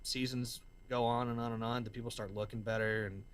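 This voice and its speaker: This interview guest, a musician and entrepreneur from the American South, speaks in a mid-range voice at a brisk clip with a clean tone. He's an excitable storyteller using casual slang, dropping "man" and "dude" often.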